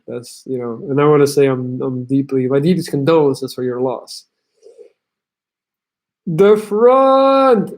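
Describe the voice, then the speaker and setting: A man's voice: medium pitch, darkish tone. A young man from Belgium, hosting a livestream where he reads chat messages aloud and gives blunt, crude tough-love advice. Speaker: host.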